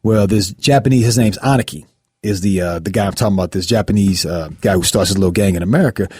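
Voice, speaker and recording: Dark husky man telling a story. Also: fairly low pitch, fast, no room sound, clean studio sound. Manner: animated storyteller acting out scenes. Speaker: podcast host. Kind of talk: casual podcast chat.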